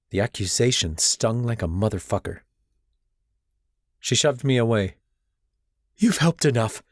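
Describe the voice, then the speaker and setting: Young guy reading an audiobook, low voice, brooding and intense, super dry sound. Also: darkish tone, dry recording. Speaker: audiobook narrator. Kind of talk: first-person audiobook narration.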